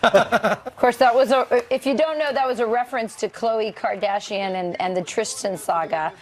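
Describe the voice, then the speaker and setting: A woman's voice: on the high side, moderate pace. A woman co-hosting a morning news show, upbeat and chatty in casual banter.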